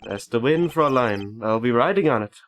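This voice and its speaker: A man's voice: medium pitch, lively intonation, lightly acted. A man putting on a suave German rock-star prosecutor. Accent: put-on German. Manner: drawling, suave, slow.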